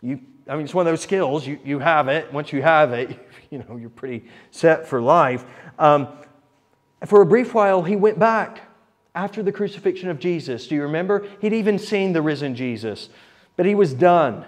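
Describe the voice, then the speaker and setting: An earnest man delivers a sermon at a moderate pace, reading scripture with dramatic expression. His voice swings from loud emphasis down to quiet low points.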